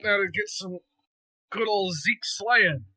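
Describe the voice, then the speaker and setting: A tabletop role-player voicing a boastful male mech pilot in slow, drawn-out lines. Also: medium pitch, sharp tone, dry recording, voice pushed up. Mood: cocky. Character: cocky mobile suit pilot, male.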